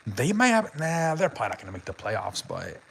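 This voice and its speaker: A man's voice: mid-range voice, huge pitch swings, a little fast, gravelly, breathy edge. A man hosting a casual sports live stream, reading chat messages aloud and rambling about football with frequent swearing and restarts.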